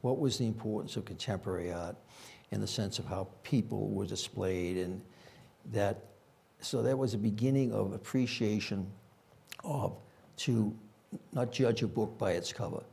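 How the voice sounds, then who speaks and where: A man's voice: fairly low pitch, moderate pace, vocal fry, darkish tone, breathy edge. An older man with a Boston accent, a former police chief telling rambling anecdotes with frequent fillers at a conference panel.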